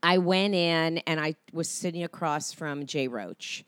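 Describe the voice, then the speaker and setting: A woman's voice: deep voice, unhurried, a bit bright, clean tone, dry recording. A woman actress telling stories as a guest on a casual interview show, rambling with many ums and restarts.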